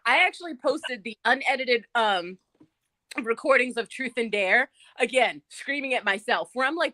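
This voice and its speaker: Bright, high-voiced woman swearing freely. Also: normal speed, no echo. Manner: animated, profane, laughs often. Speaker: writer and audiobook narrator. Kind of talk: casual chat.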